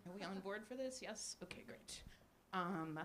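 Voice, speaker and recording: A woman in her forties performing a live stand-up set at a small cafe, animated, laughing at her own jokes and shouting punchlines. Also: mid-range voice, fairly quick, a little hiss or hum. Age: 40s. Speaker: stand-up comedian. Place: small cafe stage before a live audience.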